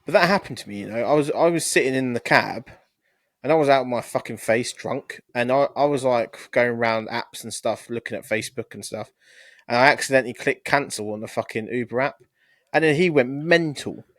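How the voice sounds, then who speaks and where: A man's voice: medium pitch, fairly quick, fairly bright tone, dry recording. Rambling, sweary man. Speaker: podcast co-host. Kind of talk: casual podcast chat.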